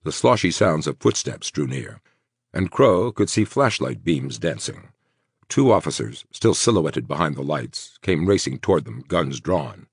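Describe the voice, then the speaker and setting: A man reading a horror audiobook in a dramatic, expressive narration. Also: very deep voice, normal speed, gravelly, slightly rough, no room sound, studio quality.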